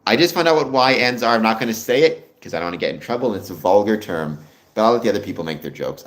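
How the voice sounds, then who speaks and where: A man's voice: fairly low pitch, animated, fast talker. A Canadian man hosting a casual livestream, chatting and answering viewer comments as they come in. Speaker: livestream host. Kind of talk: casual live-stream chat with viewers.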